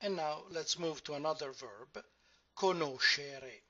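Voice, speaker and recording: A man teaching a grammar lesson, explaining slowly and deliberately and drawing out example words. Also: fairly high pitch, fairly bright tone, no room sound. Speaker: language teacher. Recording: dull, dry lo-fi sound.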